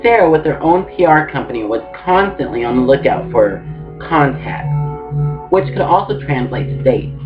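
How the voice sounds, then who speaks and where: A man's voice: fairly high pitch, animated, moderate pace. A man reading a novel aloud in a casual manner, with small restarts and asides. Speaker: book reader. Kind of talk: audiobook reading. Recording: muffled with guitar music.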